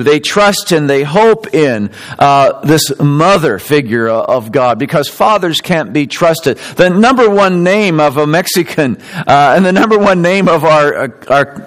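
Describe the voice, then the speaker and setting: In a rough recording, a pastor delivers a church sermon in a voice sitting slightly high for a man. He moves animatedly between emphatic peaks and quieter, gentler reflection.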